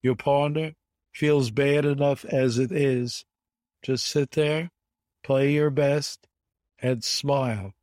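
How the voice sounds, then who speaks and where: A man in his seventies from the United States, a guest telling animated stories with emphatic repetition in an interview. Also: medium pitch, takes it slowly, no echo. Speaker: guest, bridge champion. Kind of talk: conversational storytelling interview.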